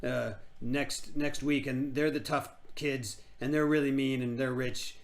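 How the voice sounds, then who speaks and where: A man voicing a pushy old female witch who sells cookies, in a raised, slow, theatrical voice. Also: medium pitch, flat delivery, natural voice. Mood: pleading.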